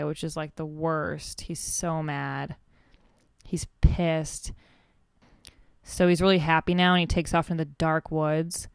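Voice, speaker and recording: A woman's voice: deep voice, smooth, dry recording. A woman guest-hosting a podcast, giving a flippant, rambling comic recap of a cartoon episode, full of "like".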